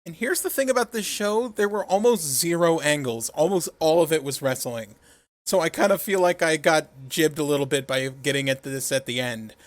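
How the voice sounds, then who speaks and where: A man's voice: a little high, moderate pace, dry recording. A man with a slightly raised voice talks in a loose, rambling way. He swears freely and breaks into laughter often. The sound is dry and close, with no room around it. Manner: rambling and profane, laughs often, heavy use of "like". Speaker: podcast co-host reviewing wrestling. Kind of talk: casual chat.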